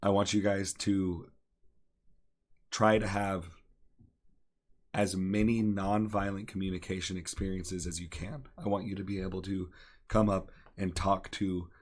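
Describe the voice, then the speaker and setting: A man's voice: low-pitched, level tone, a little slow, pauses often. A young man co-hosting a podcast, talking earnestly and encouragingly, often repeating phrases for emphasis. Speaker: podcast co-host. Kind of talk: earnest casual talk.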